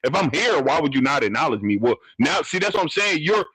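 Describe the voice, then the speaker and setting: A man's voice: a little high, sing-song, fast talker, fairly bright tone, husky, dry recording, rough recording. A man arguing his side in a heated casual debate on a live stream, laughing often. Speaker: panelist.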